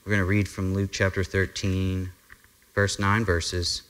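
A male pastor preaches to his congregation in an earnest, conversational manner. His voice sits on the low side, and he talks loosely, with frequent ums and restarts. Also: monotone, measured pace, a bit bright, smooth. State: briefly emotional. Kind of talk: sermon. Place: church sanctuary.

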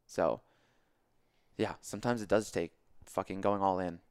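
A young man on a podcast telling a story casually, animated and swearing freely as he acts out his own reactions. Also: sits low, a little slow, clean tone, dry recording, studio quality. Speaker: podcast guest.

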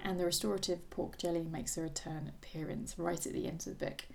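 A woman's voice: fairly low pitch, steady tone, brisk, creaky, over music. A woman co-hosting a podcast, chatting enthusiastically about a novel and reading passages aloud. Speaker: podcast co-host. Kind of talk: casual book-club chat.

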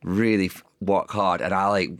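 A man's voice: sits low, little pitch movement, normal speed, no room sound, clean studio sound. A man in his thirties telling rambling, self-deprecating stories in a casual podcast chat, full of restarts. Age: 30s. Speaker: comedian guest.

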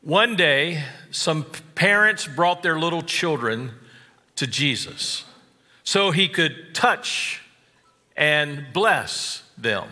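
A man preaching a sermon, slow and deliberate, stressing key phrases and adding wry asides. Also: on the high side, expressive, bright, forceful tone, big-room sound. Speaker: pastor.

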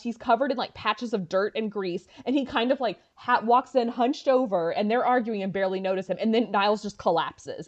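A woman co-hosting a podcast, retelling an episode in a lively, animated way with quick asides. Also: fairly high pitch, highs cut off. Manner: animated storyteller, quick asides and quoted lines. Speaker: podcast co-host. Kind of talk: casual chat, retelling an episode.

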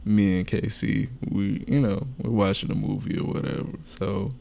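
A man's voice: lowish voice, big pitch swings, normal speed, creaky, warm tone. A man co-hosting a casual podcast, telling stories in a laid-back way with easy cursing and frequent laughter. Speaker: podcast co-host.

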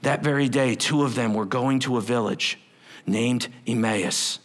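A man's voice: medium pitch, measured pace. A middle-aged male pastor preaching a sermon, telling the story with acted-out voices and sudden drops to a whisper.

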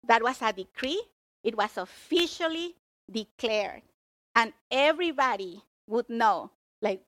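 Woman giving a sermon, high voice, takes her time, really emphatic. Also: takes it slowly, no room sound. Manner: emphatic, expressive storytelling. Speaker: preacher.

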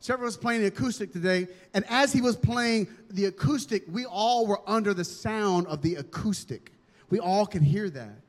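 A man preaching a sermon as pastor, animated and humorous, with dramatic emphasis. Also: high-pitched, normal speed, in a large hall.

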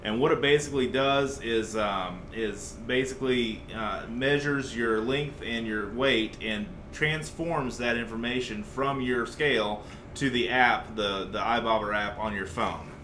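A man hosting a podcast, describing products in a relaxed way with many fillers. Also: mid-range voice, a little slow, a little hiss or hum. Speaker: podcast host. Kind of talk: casual podcast chat. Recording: echoey room.

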